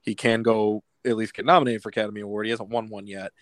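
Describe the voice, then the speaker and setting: A man's voice: fairly low pitch, flat delivery, quick pace, no room sound. A man hosting a podcast in casual chat, steering the talk from topic to topic. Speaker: podcast host.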